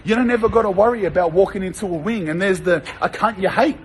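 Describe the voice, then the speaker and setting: A man's voice: high voice, quick pace, slight background noise, rough recording. A young Australian man, a former prisoner, telling stories in a blunt, profane, rambling way full of slang. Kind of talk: casual monologue.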